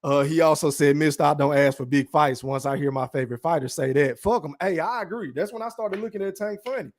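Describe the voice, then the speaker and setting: A man's voice: fairly high pitch, quick pace. A man hosting a podcast, ranting bluntly and profanely in a casual livestream about boxing while reading chat comments. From Texas. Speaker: podcast host.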